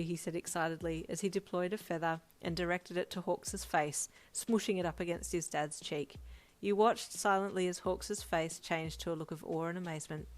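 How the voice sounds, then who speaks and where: A woman narrating a second-person fanfic story in an expressive, lively manner. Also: on the low side, moderate pace.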